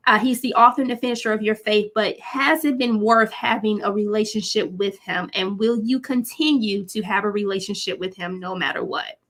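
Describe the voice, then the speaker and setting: A woman hosting a faith talk show, asking questions and signing off in a gentle, encouraging way. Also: mid-range voice, a little fast, few pauses. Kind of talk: interview and sign-off.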